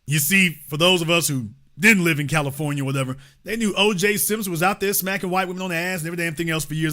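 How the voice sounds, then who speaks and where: Male host, high and forceful, emphatic and repetitive delivery, impassioned commentary. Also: fast talker, few pauses. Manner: emphatic, repeats phrases for effect.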